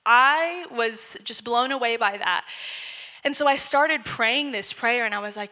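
A woman's voice: on the high side, a little slow, pushed and bright, in a large hall. A young woman, giving a casual personal testimony at a young adults service and saying "like" often. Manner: conversational, fills with "like" often.

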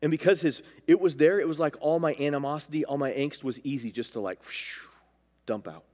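This pastor's voice is a little high and slightly mellow, and he preaches at a fairly quick clip. He drives his sermon home by raising and dropping his pitch, and the church hall gives it a long echo.

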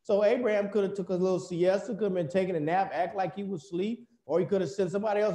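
An American man preaching a sermon in a church, telling the story in a folksy, animated way with many fillers. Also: high voice, fast talker, hardly any pauses, reverberant. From United States.

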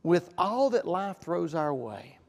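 A male pastor preaching a sermon in a church sanctuary, emphatic and repetitive, dropping to quiet asides. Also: high voice, sing-song, slow pace, gravelly. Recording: long church reverb.

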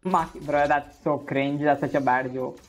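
A young woman, live-streaming games and chatting casually, excitable and swearing at the game. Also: deep voice, moderate pace, slight background noise. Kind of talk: casual live-stream chat while gaming.

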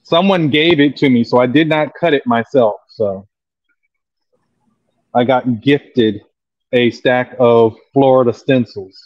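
Easygoing airbrush artist, muffled dry sound. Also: male voice, medium pitch, dry recording. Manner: slow, easygoing, lots of ums. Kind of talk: demonstrating while explaining.

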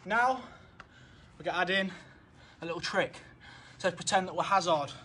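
A high-voiced young man runs a football session outdoors in a garden. He sounds winded, keeps up steady encouragement and counts each drill down. The camera mic picks up a faint hum of the outdoors. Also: moderate pace. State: out of breath. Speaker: football coach.

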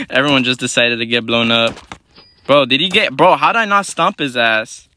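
A young man giving live gameplay commentary in quick, slangy, profane banter as a gaming YouTuber. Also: medium pitch, sharp tone, dry recording.

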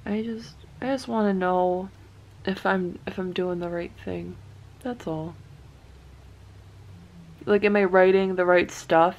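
A young woman in her twenties talking to camera in a personal vlog, crying, halting and restarting as she speaks softly. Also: fairly low pitch, steady tone, dull audio, slight background noise. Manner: halting, restarting, soft-spoken. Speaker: vlogger.

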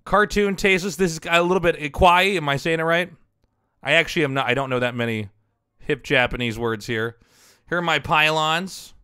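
A man's voice: a little high, fairly quick, sharp tone, clean tone, no echo, studio quality. A man in his thirties on a headset, casually commenting on fan drawings, laughing often and swearing now and then. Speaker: streamer reviewing fan drawings.

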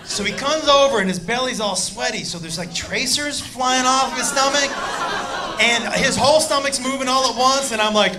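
A man telling a profane story in a stand-up set, shouting his punchlines. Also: very high voice, moderate pace, background noise. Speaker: stand-up comedian. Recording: live club with loud crowd laughter.

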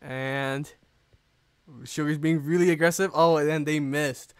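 A man's voice: a little high, steady tone, unhurried, smooth, no room sound. Dry-miked young man rambling over gameplay. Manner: rambling and self-pitying, with mock outrage. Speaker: YouTuber playing and commenting on his own game. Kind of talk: casual gameplay commentary.

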